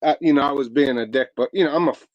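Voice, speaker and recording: Pennsylvania guy, loose cussing storyteller, mid-pitched voice, dry recording. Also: rapid-fire, no room sound, dull audio. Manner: profane, brash, laid-back storyteller. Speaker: podcast co-host. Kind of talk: casual storytelling chat.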